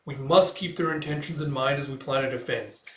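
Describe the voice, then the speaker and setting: A man voicing a calm, resolute young wife who speaks firmly and steadily. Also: medium pitch, brisk, close to an everyday voice. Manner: steady, firm. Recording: roomy echo.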